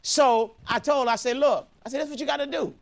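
A man's voice: extremely high pitch, fast talker, creaky. A middle-aged man preaching a sermon as a pastor, emphatic and repetitive, often restarting his sentences.

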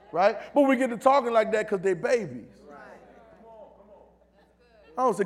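A man delivers a sermon, trading lines with his congregation. His voice sits high for a man, and he swings from low, close asides to loud shouted calls. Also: lively intonation, quick pace, few pauses. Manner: call-and-response preaching, builds to shouts. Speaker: preacher.

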